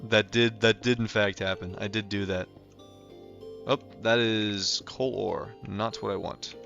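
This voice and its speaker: With a lowish, creaky, slightly bright voice, a young North American livestreamer chats casually during live gameplay at a measured pace and with fairly even intonation. His rambling talk is heavy on "um" and "like." Faint music sits under the somewhat muffled stream audio.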